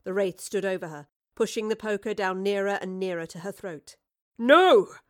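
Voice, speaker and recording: A woman storyteller reading a story aloud in a clear, even voice at a middling pitch. The sound is dry and close, with no room echo. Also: brisk. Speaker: narrator.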